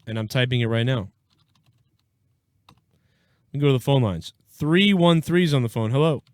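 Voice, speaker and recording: A man's voice: medium pitch, expressive, moderate pace. A man hosting a casual live call-in show, rambling and profane, laughing easily. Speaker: live show host taking calls.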